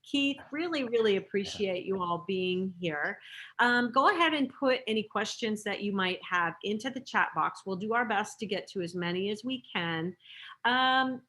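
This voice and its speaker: A woman's voice: mid-range voice, lively intonation, moderate pace, fairly bright tone. A female podcast host leading a live online session. She greets attendees by name and reads their questions to the guest in an affirming, encouraging way. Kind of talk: hosting an online Q&A.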